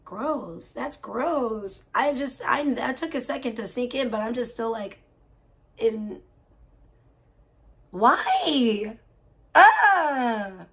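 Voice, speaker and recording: A woman's voice: on the high side, unhurried, hardly any pauses. A woman hosting a livestream and chatting casually with viewers, outspoken and blunt, with a child of her own. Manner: outspoken, swears freely, reacts with loud disgust; chatty, full of fillers and questions to chat. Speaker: livestream host; parent of a young child. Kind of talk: casual chat reacting to viewers' messages.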